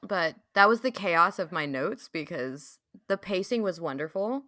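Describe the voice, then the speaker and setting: Bright, animated woman co-host. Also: lowish voice, a little slow. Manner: animated, swears freely, reads her own notes in bursts. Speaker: podcast co-host. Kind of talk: casual podcast chat.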